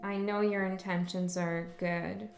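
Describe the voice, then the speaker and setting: A woman with a lowish, dark, gravelly voice and little pitch movement reads tarot a little slowly. She is chatty and frank, checking in with "okay?" often. Faint music and room echo are audible.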